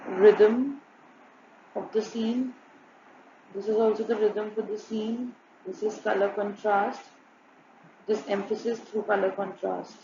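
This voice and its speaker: Woman, monotone student presenter, muffled echoey room recording with faint hum. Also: mid-range voice, slow pace, pauses often. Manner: flat, repetitive listing of examples. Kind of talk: narrated slide presentation.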